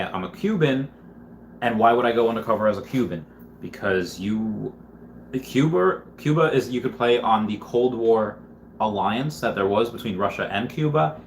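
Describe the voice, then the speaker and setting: A man on a livestream casually reads out viewer comments and rambles, his speech full of fillers and restarts. His voice sits on the low side, and the recording has a roomy echo and a little hiss or hum.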